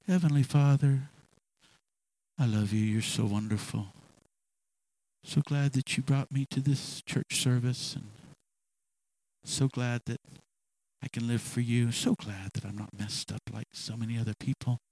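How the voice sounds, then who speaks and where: A man's voice: medium pitch, lively intonation, unhurried, fairly bright tone, no echo, voice pushed down, poor audio. A man voicing a smug, self-righteous male churchgoer who prays in a self-satisfied way. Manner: self-satisfied, preening prayer.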